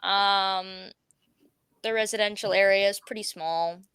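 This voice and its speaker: Young woman, bright voice, dry close sound, bubbly, casual swearing, laughs a lot. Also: mid-range voice, fairly even intonation, a little slow, clean tone, no room sound. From Canada. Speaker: creator of an animated series, guest. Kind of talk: casual interview chat.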